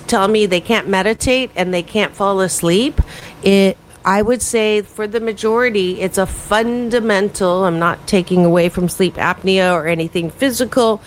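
Woman, radio talk show host, happiness coach, animated self-help monologue, quick asides, studio, faint background noise. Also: mid-range voice, poor audio.

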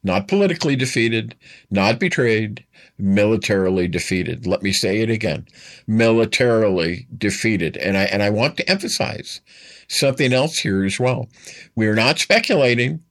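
Low-voiced emphatic male history lecturer. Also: lively intonation, moderate pace, a bit bright. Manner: emphatic, repeats key points, addresses listener directly.

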